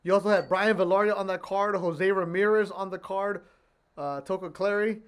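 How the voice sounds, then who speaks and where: A co-host in casual chat who chimes in with fight records and corrections. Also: male voice, sits high, fairly even intonation, moderate pace, clean tone.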